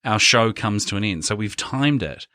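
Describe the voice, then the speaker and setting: A man hosting a podcast, chatty and quick to laugh. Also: lowish voice, lively intonation, pushed and bright, no echo, clean studio sound. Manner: chatty, laughs easily, plugs events. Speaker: podcast host. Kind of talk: casual podcast chat.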